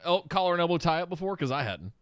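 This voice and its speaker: A man's voice: a little high, very animated, racing, dry recording, muffled recording. A man co-hosting a wrestling podcast, chiming in casually with agreeing asides and his own thoughts. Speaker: podcast co-host. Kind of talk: casual recap commentary.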